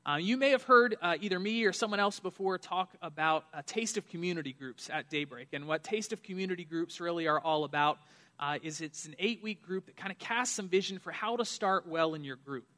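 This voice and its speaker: A man's voice: high-pitched, fairly quick, bright, forceful tone. A young adult man, a pastor, giving a sermon in an earnest, conversational way with frequent fillers.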